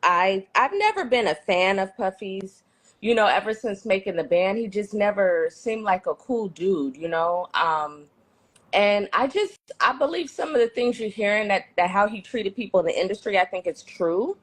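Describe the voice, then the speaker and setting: A woman from the Bay Area answers a street interview in a relaxed, thoughtful way, leaning on "you know". Her pitch sits in the middle. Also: moderate pace. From San Francisco Bay Area.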